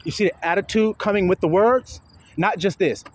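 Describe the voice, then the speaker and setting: A man's voice: sits high, quick pace, a little mellow, slight background noise. A man preaching outdoors in a confrontational, profane way, firing rhetorical questions while walking. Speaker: self-styled religious teacher. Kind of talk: street preaching monologue.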